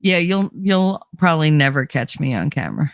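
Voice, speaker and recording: Woman with a new jersey accent, livestream host, casual chat, lively swooping pitch, dry close mic. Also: moderate pace, dry recording. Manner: animated, laughing often, nasal at times.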